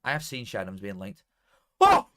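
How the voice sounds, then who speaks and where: A young Yorkshire man with a lowish voice chats casually at a moderate pace while hosting a live football watchalong from home. He's excitable, swears freely, and bursts into shouting whenever a goal goes in.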